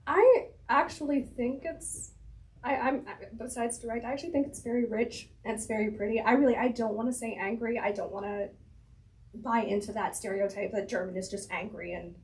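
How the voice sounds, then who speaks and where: A woman's voice: medium pitch, a little mellow, rough recording. A woman chatting as an author guest in an interview, thinking aloud, laughing often, her voice slightly strained. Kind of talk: casual conversational interview.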